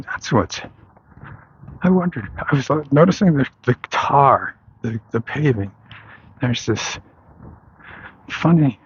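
A man's voice: medium pitch, slightly rough, muffled recording. A man in casual rambling talk while walking outdoors on a street, restarting his sentences and laughing wryly. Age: adult, long into adult life. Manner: rambling, self-correcting, wry laughs. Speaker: vlogger.

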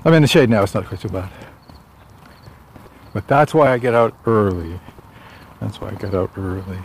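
A man's voice: lowish voice, normal speed, a little hiss or hum. A man talking casually while out walking, chatty and rambling, a bit out of breath. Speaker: author vlogging on a walk. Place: outdoors on a sunny suburban street.

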